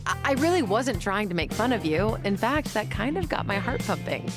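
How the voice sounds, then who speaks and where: A woman's voice: mid-range voice, sing-song, moderate pace, natural voice. An actress playing a playful, frank adult woman with a teasing, giggly manner. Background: game music.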